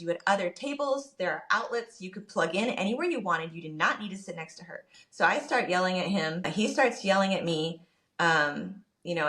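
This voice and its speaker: Animated woman telling a heated story. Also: lowish voice. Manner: animated, quotes people in her story, rushes when upset. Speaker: podcast co-host. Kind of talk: casual storytelling chat.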